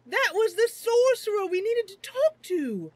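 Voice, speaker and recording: A woman's voice: very high-pitched, big pitch swings, measured pace, a little mellow, no echo, pitched above the performer's own voice, full character voice. A woman voicing an anxious young male scholar who summons creatures, speaking in an alarmed, fretful way.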